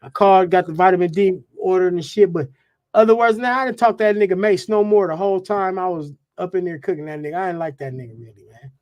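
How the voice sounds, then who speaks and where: A man guest on a podcast telling animated stories in heavy profane slang. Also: high voice, fast talker, dull audio. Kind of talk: casual storytelling.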